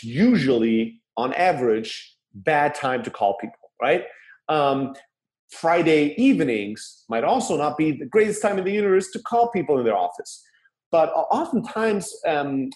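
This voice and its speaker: Animated man talking sales, echoey room. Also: fairly high pitch. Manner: animated and emphatic, with frequent "right?" asides and occasional swearing. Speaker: sales coach. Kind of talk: casual talk on phone sales.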